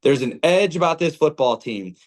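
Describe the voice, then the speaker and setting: A man, a former player, analyzing football in casual talk, animated and full of "you know" fillers. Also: a little high, moderate pace. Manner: animated, filler-heavy, repeats phrases.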